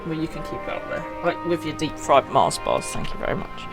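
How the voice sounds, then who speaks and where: A woman's voice: sits low, very animated, fairly quick. A woman with a British English accent streaming a game, chatting with her viewers and bantering indignantly, laughing often. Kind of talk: casual chat with live chat. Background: game music.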